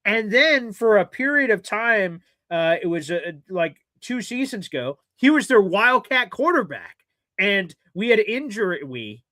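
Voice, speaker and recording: Male sports podcast host, bright tense voice, dry close mic, animated chatter. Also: high-pitched, dry recording, poor audio. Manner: animated, swings into loud exclaiming. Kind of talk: casual sports talk. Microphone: streaming studio mic.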